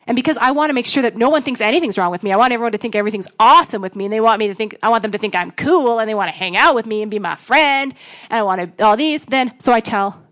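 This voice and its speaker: A woman's voice: a little high, lively intonation, racing, a bit bright. A woman youth pastor, giving a frank, self-deprecating personal testimony and acting out bits of dialogue. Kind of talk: candid personal testimony talk.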